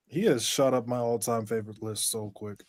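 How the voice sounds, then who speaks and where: An eager man on a wrestling podcast fires off quick reactions and fan opinions. His voice sits at an ordinary pitch. The recording is close and dry. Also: fairly even intonation, dry recording. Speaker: podcast co-host. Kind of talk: casual wrestling chat.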